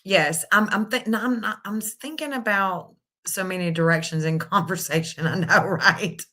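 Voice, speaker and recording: Bright-voiced woman rambling on a live stream. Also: medium pitch, normal speed. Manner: rambling, thinks aloud, reads out searches. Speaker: live stream astrology reader. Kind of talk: casual live stream chat.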